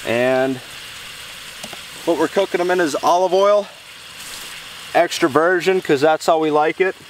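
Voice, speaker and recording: A man's voice: a little high, measured pace. A man hosting an outdoor cooking vlog, chatty and enthusiastic in a folksy way. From US Midwest. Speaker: outdoor show host. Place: outdoors near woods. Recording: distant outdoor mic, faint noise.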